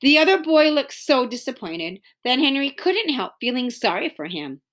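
A woman reads a children's chapter book aloud with expressive storytelling. Her voice is bright and fairly high, and her pitch rises and falls a great deal. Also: moderate pace. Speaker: reader.

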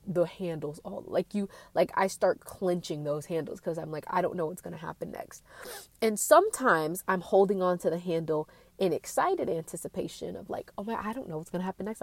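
A woman's voice: fairly low pitch, darkish tone, dry recording. A young adult woman, a college student, talking through her feelings in a rambling, earnest personal monologue full of fillers.

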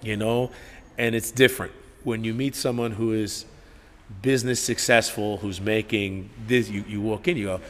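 A man, a gym owner and coach telling stories in a casual, profane, animated interview, acting out what people said. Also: fairly low pitch, normal speed. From Newark, New Jersey. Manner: profane, animated storyteller who acts out quotes. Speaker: gym owner and head coach, podcast guest. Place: martial arts gym. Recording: reverberant room with faint background noise.

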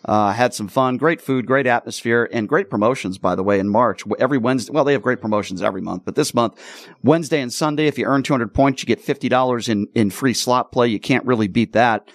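Male radio host, mid pitch, lively storyteller, dry close mic. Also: fast, no echo. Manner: animated, exasperated storyteller. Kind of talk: casual storytelling chat.

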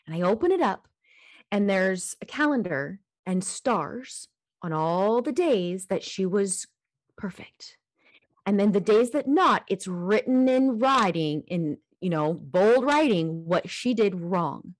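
A woman at a middle pitch tells stories with animated emphasis. The recording is close and dry, with no room sound around her. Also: slow pace, dry recording. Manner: animated storyteller, emphatic, emotional. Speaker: podcast co-host. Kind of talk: casual podcast conversation.

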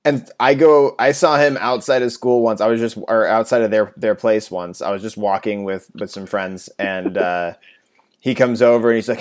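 A man's voice: fairly low pitch, normal speed. A man in casual podcast chat, telling stories and mimicking other people's voices. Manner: animated storytelling, mimics others in raised voice. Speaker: podcast co-host.

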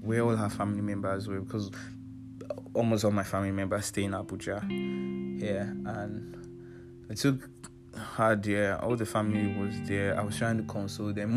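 A young Nigerian-accented man speaks in a low, earnest voice, talking straight to his listeners in a casual heartfelt monologue. He presses his points by repeating them. Clear guitar music plays behind him. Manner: earnest, emphatic, repeats himself for stress. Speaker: vlogger sharing personal advice. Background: soft guitar music.

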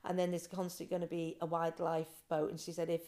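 A woman guest on a podcast, telling her swim story with animated quoted voices. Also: lowish voice, quick pace. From Britain. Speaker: guest, ice swimmer. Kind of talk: casual interview storytelling.

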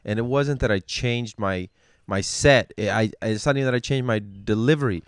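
A man's voice: medium pitch, normal speed, clean tone, dry recording, studio quality. A man who is a stand-up comedian, chatting casually on a podcast, rambling with frequent restarts and cursing.

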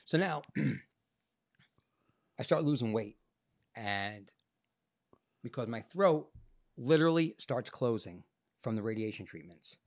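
A man tells a story as a podcast guest, cursing freely and animated throughout. His voice has been changed by illness and carries a gravelly, fried texture. His pitch swings widely from phrase to phrase. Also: slow, pauses often. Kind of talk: casual podcast interview storytelling.

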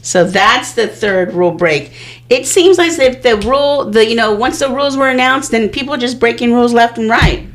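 A woman's voice: a little high, moderate pace. A woman co-hosting a casual podcast, recapping a reality show with many fillers. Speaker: podcast co-host.

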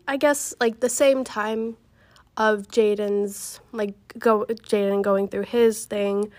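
A young woman telling a personal story in a casual chat, emotional and halting, with many fillers. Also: a little high. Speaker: guest.

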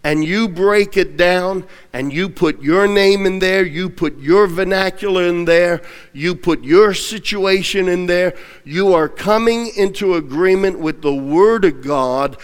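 A man preaching a sermon with emphatic call-and-response, swinging between loud and hushed delivery. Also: fairly high pitch, clear, resonant tone, big-room sound.

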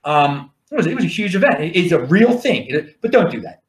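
A man's voice: on the high side, sing-song, fairly quick. A man with a Baltimore accent, rambling through stories in a casual monologue to his stream viewers, often restarting his words. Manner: chatty, repeats and restarts words. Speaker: livestream host. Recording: echoey room.

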